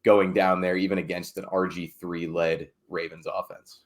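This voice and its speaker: A man's voice: sits low, little pitch movement, moderate pace. A man, a team beat reporter, chatting casually on a sports podcast with wry, digressive asides.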